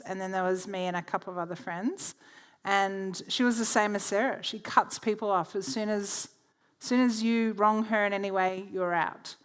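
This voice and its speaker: Workshop presenter: a woman of middle pitch, a chatty storyteller who laughs easily. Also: clean tone. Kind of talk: teaching workshop talk with personal stories. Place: church.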